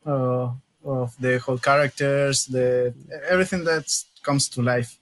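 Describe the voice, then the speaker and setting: A man, a game developer, answering interview questions hesitantly with many pauses and restarts. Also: mid-range voice, fairly even intonation, fairly bright tone. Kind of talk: casual interview chat.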